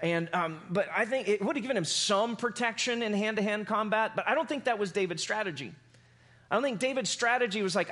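A man preaching a sermon, retelling a scripture story in a loose, casual, animated way. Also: high voice, a little fast. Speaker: pastor.

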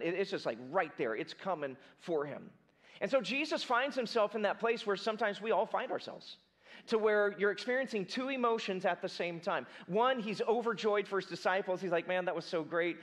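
High-voiced man preaching a casual sermon. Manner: animated storytelling, acts out biblical characters in casual speech. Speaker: pastor.

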